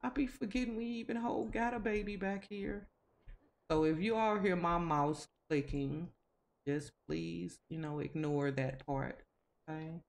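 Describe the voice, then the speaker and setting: A woman commentates her gameplay in a relaxed, conversational way. She talks straight at the characters, nagging and teasing them as she goes. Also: fairly low pitch, a little slow, vocal fry. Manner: chatty, scolding the game characters. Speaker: gaming video host. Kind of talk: casual game commentary.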